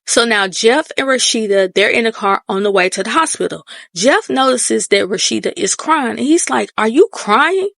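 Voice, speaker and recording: A woman's voice: on the high side, normal speed, gravelly, hardly any pauses, fairly bright tone, no room sound, studio quality. Sassy woman recapping a TV episode. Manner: sassy, talks straight at the characters; folksy terms of address like baby and girl. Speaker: TV recap host.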